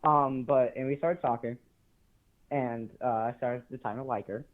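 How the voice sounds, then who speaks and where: A teenage male caller telling a story with many pauses and fillers. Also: mid-range voice, steady tone. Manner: hesitant, many ums and uhs. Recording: tinny phone line.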